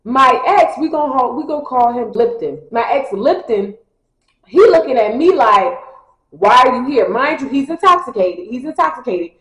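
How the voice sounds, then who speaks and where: A young woman tells a personal story casually, slangy and animated, acting out her friends' lines. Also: high voice, moderate pace. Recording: echoey room.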